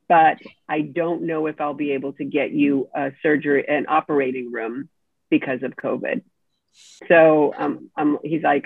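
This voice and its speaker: A woman telling a personal story as an interview guest, animated and acting out the people she quotes. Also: deep voice, normal speed, creaky, slightly rough, no echo. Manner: animated, acts out quoted speech. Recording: tinny dry phone line.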